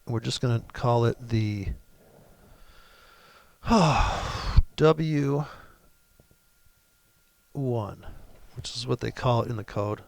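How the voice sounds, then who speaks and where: A man's voice: mid-range voice, drawn-out words, vocal fry, pauses often. A man hosting a trading video, giving brash, profane, mocking commentary over his charts. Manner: brash, swearing, mocking, ranting. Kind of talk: profane ranting screen-share commentary.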